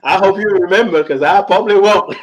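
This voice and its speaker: A man's voice: sits high, fairly quick, dull audio. A man from Nigeria with a mixed Nigerian, British and Southern US accent, hosting a podcast and telling stories in casual conversation. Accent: Nigerian, British and Southern US mix. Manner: animated storyteller, acts out quoted voices. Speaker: podcast host.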